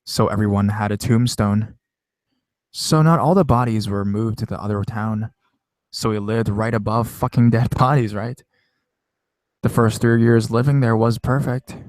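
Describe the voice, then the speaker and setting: A man's voice: lowish voice, fairly even intonation, moderate pace, darkish tone, no echo. A man casually reading viewer-submitted scary stories aloud, with a loose, profane, conversational delivery. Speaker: horror story narrator.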